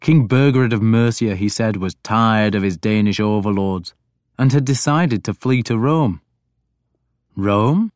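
A man reading a first-person story as audiobook narrator, in a reflective, even manner. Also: lowish voice, a little slow, no room sound, studio quality.

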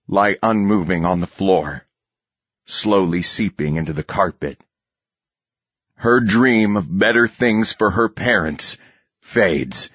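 A man narrates in a low, husky voice with a bright, forceful edge. His storytelling is steady and measured. The recording is dry and a little dull. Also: no room sound. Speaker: audiobook narrator. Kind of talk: scripted narration of a war novel.

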